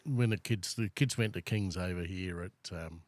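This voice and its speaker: Blunt, swearing Australian man, low voice. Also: normal speed, darkish tone, no echo. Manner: blunt, swears freely, chuckles while telling stories. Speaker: podcast host. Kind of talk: casual chat over beers.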